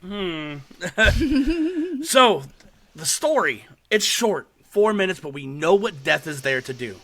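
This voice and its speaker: Gravelly, bright-voiced male podcast host. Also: high-pitched, slow pace. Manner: animated storytelling with frequent swearing and laughs. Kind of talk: casual chat recapping a horror short.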